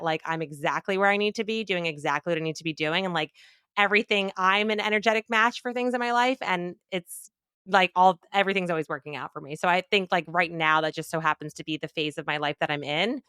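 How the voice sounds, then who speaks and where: Female guest, bright clear voice, chatty and expressive, dry close recording. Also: lowish voice, fast, dry recording. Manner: chatty, many "like" fillers, expressive quoting. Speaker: podcast guest, clinical nutritionist. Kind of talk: casual conversational interview.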